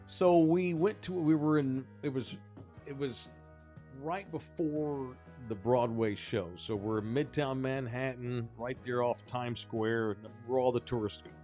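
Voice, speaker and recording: A man hosting a sports podcast, telling a story in a casual, animated way, swearing and acting out the voices of the people in it. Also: mid-range voice, unhurried, soft background music. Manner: animated, profane, acts out the people in his story. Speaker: podcast host.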